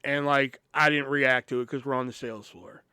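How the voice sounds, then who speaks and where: A man's voice: mid-range voice, steady tone, fairly quick, pushed and bright, smooth, no room sound, studio quality. A man hosting a podcast, telling a story in a casual, profane, rambling way with lots of "you know". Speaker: podcast host.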